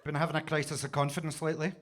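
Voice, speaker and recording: Scottish stand-up in his forties, high bright voice, punchy self-mocking delivery. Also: flat delivery, very fast. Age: 40s. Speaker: stand-up comedian. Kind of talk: stand-up set. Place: basement comedy club stage.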